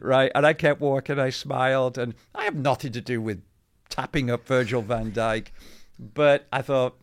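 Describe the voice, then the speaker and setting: A middle-aged man, a guest in an interview, telling anecdotes in a chatty, animated way with many asides. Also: medium pitch, measured pace. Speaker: interview guest, former football club CEO. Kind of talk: conversational storytelling.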